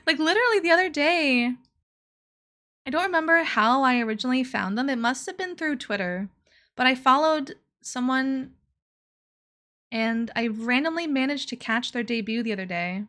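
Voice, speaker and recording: Young woman streamer, high bright voice, giggly, loud and excitable chat. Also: moderate pace. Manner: laughs often, excitable and loud. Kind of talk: casual livestream chat.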